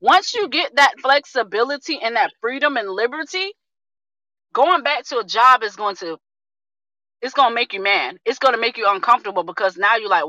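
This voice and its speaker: A woman in her thirties giving an energetic, preachy testimony on a group video call, repeating herself for rhythm and calling her listeners family. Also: on the high side, a little fast, dry recording, highs cut off. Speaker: community member sharing testimony.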